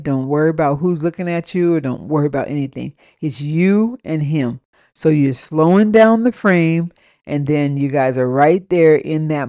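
A young woman hosts her own podcast in a loose, ranting story-time manner. Her voice sits a little low, and she mixes blunt, profane advice with quick laughing asides. The sound is close and dry. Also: darkish tone, no echo. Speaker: podcast host. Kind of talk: casual rant and story time.

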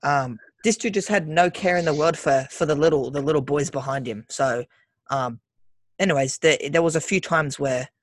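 A man's voice: a little high, normal speed, no echo. A young Australian man hosting a casual chat over a video call and telling stories, chatty and laughing often. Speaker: podcast host.

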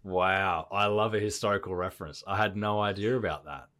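A man with a very low voice hosting a conversational interview. His questions wander and restart, padded with fillers as he works his way to the point. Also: steady tone, fairly quick, bright, forceful tone. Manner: rambling, hesitant questions with many restarts. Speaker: podcast host.

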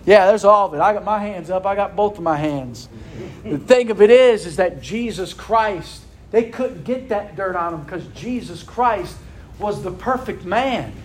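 A man with a notably high voice preaching a sermon in a room full of people. He takes his time, drawing the words out slowly. He keeps asking the listeners questions that expect an answer back. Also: expressive, a little hiss or hum. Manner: preaching with rhetorical questions to a responding congregation. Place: room with a congregation.

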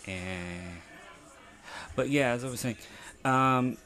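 A man's voice: mid-range voice, takes it slowly, pushed and bright. A man hosting a podcast, reviewing a TV episode in rambling, casual, profane chat. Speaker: podcast host.

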